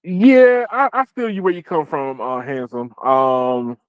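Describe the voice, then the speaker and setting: Male host, a bit high, dry close mic, casual slangy tech banter. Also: measured pace, clear, resonant tone, no room sound, phone-quality sound. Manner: excitable, jokey, slangy.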